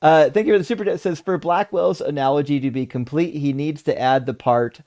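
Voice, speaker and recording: Gravelly, profane live-stream host. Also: male voice, fairly high pitch, fairly quick, hardly any pauses. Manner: animated, profane, sarcastic. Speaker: debate stream host reading super chats. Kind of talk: casual live-stream chat.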